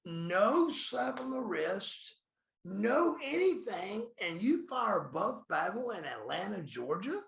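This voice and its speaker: A man's voice: sits high, big pitch swings, takes it slowly, vocal fry, fairly bright tone. A man in his fifties, a former pro wrestler, telling blunt, profane stories in an interview and calling himself by his own name. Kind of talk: storytelling in a podcast interview. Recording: echoey room.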